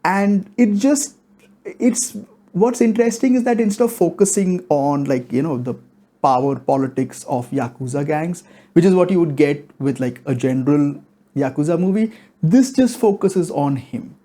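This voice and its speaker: A man's voice: fairly high pitch, animated, normal speed, mellow. A man giving a casual movie review, rambling and filling his talk with "like" and "you know".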